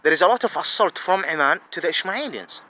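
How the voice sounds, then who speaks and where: A man in his forties pours out a furious, profane rant, hammering the same questions again and again. His voice sits high and leaps all over the place, with a sharp, bright edge. Faint street sounds and traffic drift in behind him outdoors. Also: lively intonation, fast talker, poor audio. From Saudi Arabia. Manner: heated, profane, repetitive, with emphatic questions. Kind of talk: angry ranting monologue.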